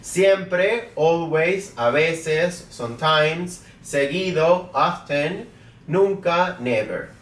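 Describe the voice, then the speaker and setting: A man's voice: a little high, takes it slowly, fairly bright tone, recorded from a distance. A man teaching a casual online lesson, chatty, often checking in with "okay?" and "guys". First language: Spanish. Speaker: Spanish teacher. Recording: roomy echo, mic set back.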